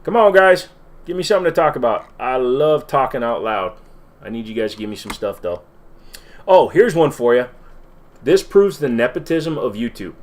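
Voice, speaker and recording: A man's voice: mid-range voice, very animated, normal speed. Rambling, foul-mouthed male livestream host. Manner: rambling, profane, reacting to viewer comments. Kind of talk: casual livestream Q&A chat.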